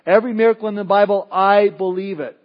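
A polite, unshaken young girl , voiced by a preacher, answering with plain sincerity in a high voice. The sound is muffled and lo-fi. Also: fairly even intonation, fast, close to an everyday voice. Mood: earnest. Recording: dull lo-fi sermon recording.

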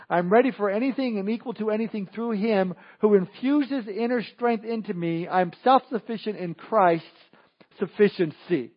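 A man's voice: fairly high pitch, highs cut off. A man preaching a sermon as pastor, with emphatic, punchy lines that rise for emphasis.

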